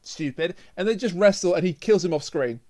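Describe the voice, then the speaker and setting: Lively high-voiced man joking around. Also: fairly quick. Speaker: podcast host. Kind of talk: casual chat.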